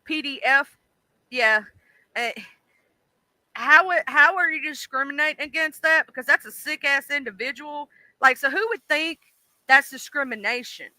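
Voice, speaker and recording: A high-voiced woman hosts a casual livestream and talks straight to her chat. Her voice is very bright and crisp, and she is blunt and exclaiming. The sound is dry and close, with almost no room around it. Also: no room sound. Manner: animated, blunt and exclaiming, quick to voice disgust. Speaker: livestream host.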